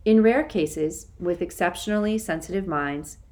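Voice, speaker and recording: A woman reading an audiobook, voicing a wise older man explaining things calmly. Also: on the low side, moderate pace, natural voice.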